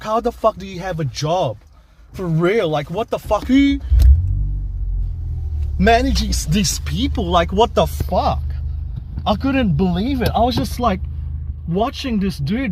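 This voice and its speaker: A young man vlogging from a car at night, swearing constantly as he rants casually to a friend. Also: high voice. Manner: ranting, swears constantly, slow drawling pace. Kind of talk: casual profane rant to a friend. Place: car on a dark road at night. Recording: loud car engine noise behind. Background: car engine and road noise.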